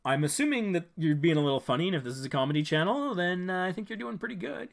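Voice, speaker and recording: A man runs a casual live stream reviewing viewers' channels, thinking aloud with fillers, restarts, and friendly tips. His voice sits high with vocal fry, and he talks fast and expressively.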